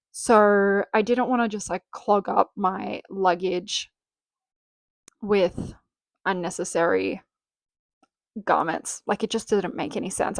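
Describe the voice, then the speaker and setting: A woman's voice: mid-range voice, no echo. A young Australian woman hosting a casual solo podcast, chatting with lots of "um" and "like" fillers and casual swearing. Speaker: podcast host.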